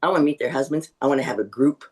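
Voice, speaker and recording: A woman in her sixties telling stand-up stories on a video call, wry and deadpan with indignant asides. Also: rumbling low, very fast, slightly rough. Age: 60s. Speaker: stand-up comedian. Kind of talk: stand-up storytelling.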